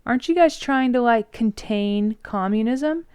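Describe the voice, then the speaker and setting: Scheming male officials who coax and needle with leading questions, in a wheedling tone, as a woman teacher plays them. The voice is a touch higher than her own and stays smooth and clear. It is recorded close and dry. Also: lively intonation, unhurried, a little mellow, no echo.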